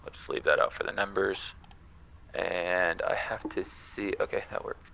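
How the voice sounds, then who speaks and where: A man's voice: low-pitched, moderate pace, vocal fry, pushed and bright, poor audio. A man playing a card game opponent, easygoing, reading card text aloud and musing over his choices. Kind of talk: casual gameplay chat.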